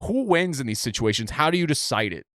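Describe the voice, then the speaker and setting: Brief: male podcast co-host, lively up-and-down storytelling, dry close sound. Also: medium pitch, fast, no room sound. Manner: animated rambling storyteller with many restarts. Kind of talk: casual chat.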